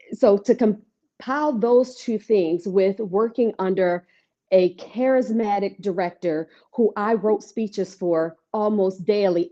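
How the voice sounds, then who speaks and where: A woman yoga instructor talking in an interview, telling her story in an animated, conversational way. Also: mid-range voice. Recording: dull lo-fi audio.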